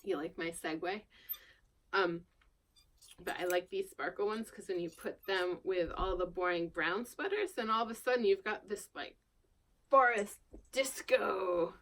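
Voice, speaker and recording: A woman's voice: fairly low pitch, moderate pace, fairly bright tone. Woman, Long Island-raised, no accent, rambling casual chat, self-deprecating, drifts into murmurs, working while talking. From Long Island, New York. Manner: chatty, self-deprecating, often drops to a murmur. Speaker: vlogger. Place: indoors at her worktable.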